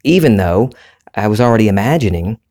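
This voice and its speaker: Southern US male host, low-pitched, reflective storyteller, monologue delivery. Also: expressive, brisk, darkish tone. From Deep South, USA. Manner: thoughtful, storytelling, self-reflective.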